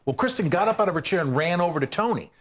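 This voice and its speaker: A middle-aged man, a guest comedian, telling animated stories in an interview, acting out voices and laughing as he goes. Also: sits high, racing. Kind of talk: storytelling in an interview.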